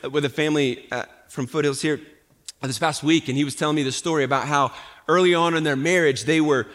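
Bright-voiced male pastor preaching. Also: fairly high pitch. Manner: conversational preaching with frequent restarts and rhetorical questions. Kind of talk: sermon.

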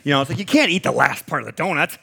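Man, preaching a sermon, high voice, very animated pitch, storytelling delivery. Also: rapid-fire, gravelly, breathy edge. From American Midwest. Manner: animated storytelling, acts out quoted voices, chuckles. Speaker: pastor.

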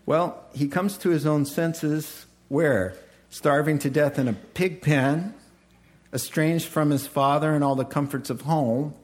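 A middle-aged male preacher delivering a folksy, humorous sermon, chuckling at his own lines. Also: a little high.

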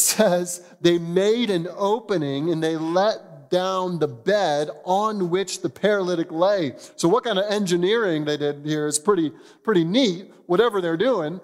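A pastor with a fairly high male voice delivers an expository sermon, telling the story animatedly and chuckling now and then. A long reverb tail trails his words.

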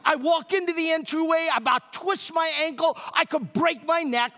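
A man's voice: extremely high pitch, normal speed, few pauses, bright, forceful tone, big-room sound. A man preaching a sermon, telling a personal story with emphatic repetition to a congregation. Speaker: pastor.

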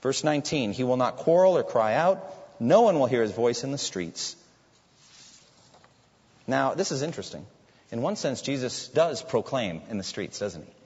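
A man preaching a sermon, swinging from loud proclaiming to hushed asides. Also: medium pitch, very animated, moderate pace, slightly rough. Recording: dull audio with long hall reverb.

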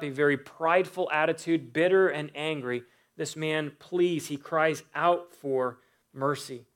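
A man preaching a sermon, earnest, with pauses and rhetorical questions. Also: fairly high pitch, fairly bright tone.

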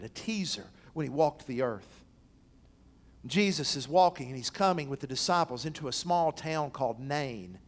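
A man preaching a sermon, telling stories in an emphatic pastor's delivery. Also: sits high.

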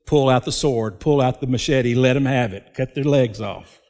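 A man preaching a sermon as a pastor, slow and emphatic, with dramatic pauses. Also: mid-range voice, darkish tone. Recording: long hall reverb.

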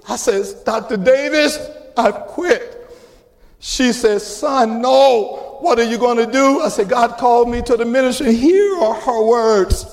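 Older man, preacher, very high gravelly voice, slow delivery, long church echo. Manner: preaching with rising, shouted emphasis. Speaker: pastor. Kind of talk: sermon. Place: church sanctuary.

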